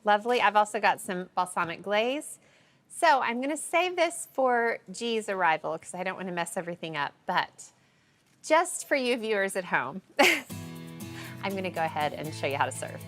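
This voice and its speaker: A very animated woman with a medium-pitched, slightly bright voice talks at a normal pace. Hosting a relaxed cooking demo at home, she jokes and chats with the crew over background music and a sizzling pan.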